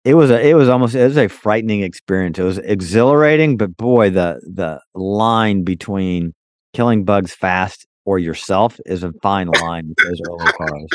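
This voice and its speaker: A low-pitched man talks casually and bluntly. His voice sits deep, and the sound is dry with no room behind it. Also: normal speed, no room sound. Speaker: trauma surgeon guest. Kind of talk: casual chat.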